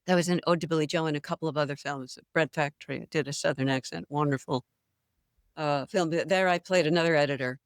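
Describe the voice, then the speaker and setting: An older actress with a low voice talks quickly as a guest on a casual interview, recorded cleanly in a studio with no echo. She tells animated stories and laughs often, and she's from New England.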